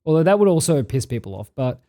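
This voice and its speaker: An Australian man runs a live stream, reading chat messages aloud and answering them in a loose, blunt way. His voice sits slightly high for a man yet sounds dark and mellow. He swears casually as he talks. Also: very animated, fast.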